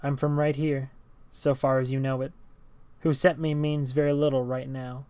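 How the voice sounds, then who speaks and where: A man voicing a thin, eerie male stranger who speaks in a calm, stilted, robotic way. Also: mid-range voice, clean tone, no echo, natural voice. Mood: measured. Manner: speaks robotically, flat, measured, hushed.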